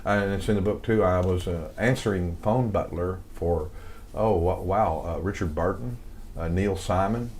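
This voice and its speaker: Casually telling stories in an interview, an older music composer with an American Southern accent rambles with plenty of fillers. He speaks at a moderate pace in a low-pitched, darkish voice, with slight background noise.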